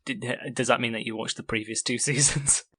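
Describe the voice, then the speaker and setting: A man's voice: medium pitch, fairly even intonation, a little fast, bright, forceful tone, slightly rough, no echo. A man co-hosting a podcast, rambling chattily with plenty of laughs. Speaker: podcast co-host. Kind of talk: casual chat.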